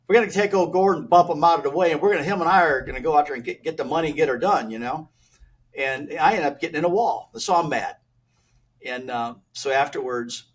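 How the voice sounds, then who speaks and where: An older man, a retired race driver, telling animated stories as a podcast guest and acting out old exchanges in a blunt, folksy way. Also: mid-range voice. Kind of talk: animated storytelling.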